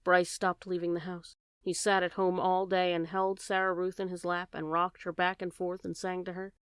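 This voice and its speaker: Clear-voiced woman reading a storybook. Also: lowish voice, moderate pace, dry recording, clean studio sound. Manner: steady, gentle reading with shifting voices. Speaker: audiobook reader. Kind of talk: storybook narration.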